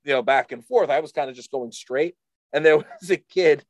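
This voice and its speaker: Guy rambling thru a wild story, lotta fillers, slightly high voice, dry close mic. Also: moderate pace, no echo. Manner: rambling, animated, many fillers. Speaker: storyteller in a chat. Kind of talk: casual chat, storytelling.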